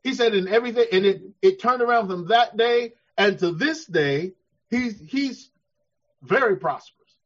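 High-voiced preacher, shouting then hushed. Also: male voice, lively intonation, normal speed, highs cut off. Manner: preaching with call-and-response, swelling to shouts then dropping soft. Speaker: pastor. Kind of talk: sermon.

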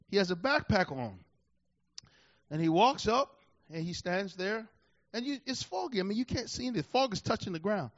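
A male preacher with a notably high voice delivers a sermon, swinging from loud emphatic declarations to hushed, drawn-out words. The recording sounds muffled and lo-fi. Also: no room sound.

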